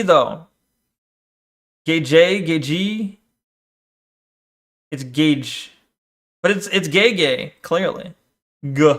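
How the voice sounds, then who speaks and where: A man with a high, bright voice riffs casually as a streamer reacting to clips. His talk is crude and profane, full of teasing and quick laughs. The sound is everyday streaming banter.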